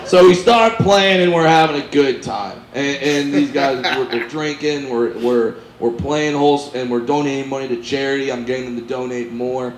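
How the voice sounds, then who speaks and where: A man telling a stand-up story, animated and acting out characters with loud, high shouts. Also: normal speed, few pauses. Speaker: stand-up comedian. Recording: echoey live venue with background noise.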